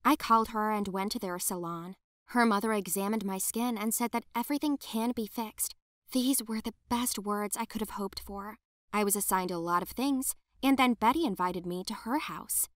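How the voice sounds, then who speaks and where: A woman narrating a first-person animated story in an emotional, dramatic way. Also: medium pitch, normal speed, no room sound, clean studio sound.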